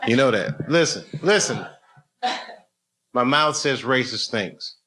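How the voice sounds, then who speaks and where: A man's voice: medium pitch, animated, takes it slowly, bright, forceful tone. A man in his fifties doing loose stand-up, chatting and teasing the crowd in a comedy club. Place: comedy club, audience laughing. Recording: noisy club recording.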